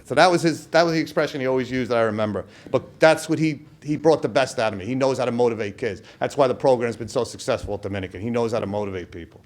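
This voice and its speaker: A man's voice: mid-range voice, quick pace, few pauses. A middle-aged man with a New York accent giving a hall of fame acceptance speech, telling stories and acting out the voices of people he quotes. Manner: storytelling, acts out quoted voices, trailing asides.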